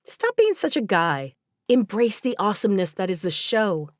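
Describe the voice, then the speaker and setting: A woman's voice: medium pitch, very animated, moderate pace, no room sound, studio quality, pitched above the performer's own voice, close to an everyday voice. A woman reading the part of an enthusiastic, insistent teenage girl in an audiobook. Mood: eager. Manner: enthusiastic, emphatic. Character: teenage girl, eager and bossy friend.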